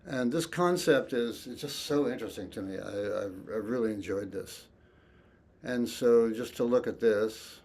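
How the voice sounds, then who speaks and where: Soft-spoken man teaching a music lesson. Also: medium pitch, normal speed. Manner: soft-spoken, thoughtful, chants rhythm syllables.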